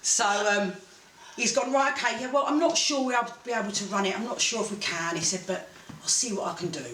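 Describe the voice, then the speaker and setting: A woman, a boxing promoter telling animated stories as an interview guest. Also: mid-range voice, a little fast. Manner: animated, laughing storyteller. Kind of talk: casual storytelling interview. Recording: echoey room, mic at a distance, faint noise.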